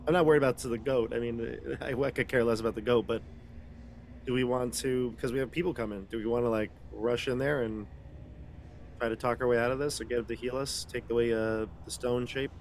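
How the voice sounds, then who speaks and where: An eager man talking through his moves at a tabletop game, rambling and restarting as he thinks out loud. His voice sits at an ordinary mid pitch, with a faint hum of room noise behind him. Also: fairly even intonation, brisk. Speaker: player. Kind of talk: casual tabletop play.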